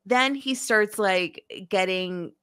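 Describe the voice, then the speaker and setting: Bright-voiced woman chatting casually. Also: mid-range voice, takes it slowly, clean tone, dry recording, clean studio sound. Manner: rambling, with many fillers like "um" and "like". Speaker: podcast co-host. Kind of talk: casual chat recapping a TV episode.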